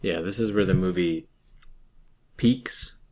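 A man co-hosting a casual movie-review podcast, ranting in an animated way and swearing freely. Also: deep voice, takes it slowly. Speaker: podcast co-host.

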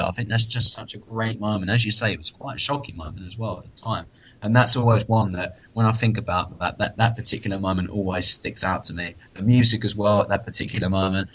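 A man's voice: fairly low pitch, a bit bright. A man co-hosting a podcast in casual chat, laughing often and acting out quotes as he talks. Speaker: podcast co-host. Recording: dull lo-fi sound.

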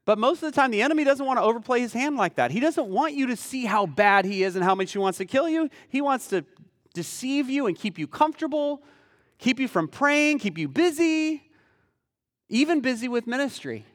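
A man preaching a sermon as pastor, animated and conversational, with lots of rhetorical questions. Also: very high voice, fairly quick, no room sound, studio quality, long reverb tail.

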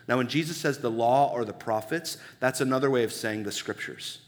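A man's voice: mid-range voice, expressive, normal speed. Man preaching in a reverberant hall. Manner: conversational preaching with rhetorical questions. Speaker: pastor. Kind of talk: sermon. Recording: long reverb of a large hall.

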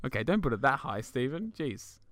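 A man's voice: mid-range voice, big pitch swings, brisk, fairly bright tone, dry recording, studio quality. A man co-hosting a podcast in casual chat, joking, laughing often and stumbling over reading an email aloud. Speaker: podcast co-host.

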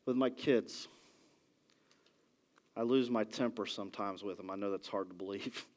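A pastor giving a conversational sermon, a father who keeps asking "ready?" and moves between loud emphasis and quiet, soft asides. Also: lowish voice, normal speed. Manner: conversational preaching with frequent "ready?" check-ins.

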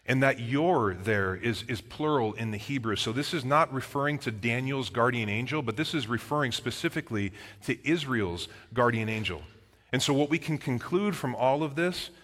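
A man's voice: medium pitch, animated, moderate pace, a bit bright. A man preaching a sermon, earnestly explaining scripture and asking his listeners direct questions. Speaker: pastor. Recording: long hall reverb.

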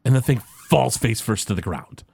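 A man runs a tabletop game and narrates the scene. He rambles with lots of fillers. His voice is dry and close, with middling pitch. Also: expressive, moderate pace, gravelly, darkish tone, breathy edge, dry recording. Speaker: game master.

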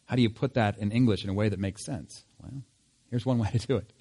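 A man's voice: lowish voice, quick pace, warm tone, slightly rough. Man preaching in a conversational way. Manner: conversational preaching with rhetorical questions. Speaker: pastor. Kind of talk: sermon.

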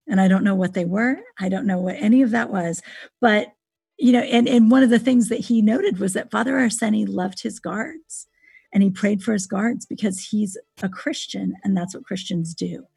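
Husky gravelly woman telling a story. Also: no echo. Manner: animated, acts out quoted dialogue with pitch jumps. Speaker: podcast guest. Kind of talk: casual storytelling in conversation.

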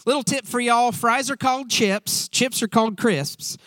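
A man's voice: extremely high pitch, moderate pace, a bit bright, no room sound, voice pushed up. A man voicing a cheerful, folksy football coach in a put-on American Southern accent, delivering homespun sayings. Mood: cheery.

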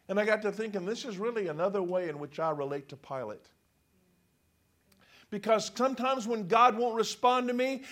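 A man with a high voice preaches a sermon. He reads scripture aloud and acts out the quoted speakers with dramatic flair. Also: normal speed, a bit bright. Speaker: pastor.

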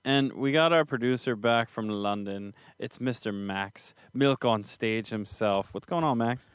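A man's voice: mid-range voice, measured pace, smooth, no echo, clean studio sound. A man hosting a casual podcast, joking and laid-back. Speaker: podcast host.

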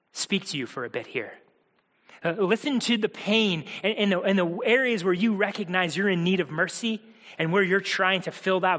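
A man preaching a sermon, earnest, moving between hushed quiet passages and urgent, pressing ones. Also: sits high. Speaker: pastor. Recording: long hall reverb.

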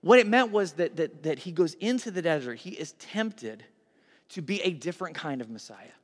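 A male pastor tells the story with animated energy and speaks directly to his congregation. His voice sits high for a man, and a long reverb hangs in the church hall. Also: normal speed. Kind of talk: sermon.

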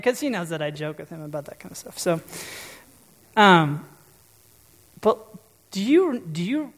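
A preacher talks through a sermon in an easy, conversational way at a middling pitch. Questions to the listeners come up often. The voice rings out with a long reverb, as in a large church. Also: lively intonation, moderate pace, long pauses. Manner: conversational, asks the audience questions.

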